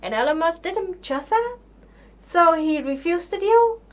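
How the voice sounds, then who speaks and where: A woman's voice: extremely high pitch, lively intonation, measured pace. A young woman hosting a live stream, chatting casually with viewers and answering questions. She talks in a sarcastic, incredulous way, with lots of fillers, and she swears now and then.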